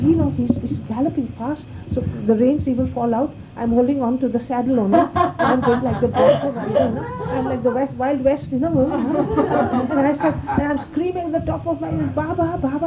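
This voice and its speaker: An older woman recalling a story from her past in a lively way, growing louder and more excited as she tells it. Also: high voice. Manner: lively, grows excited and loud when recalling the scare. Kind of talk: reminiscing anecdote. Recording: muffled, noisy archive recording.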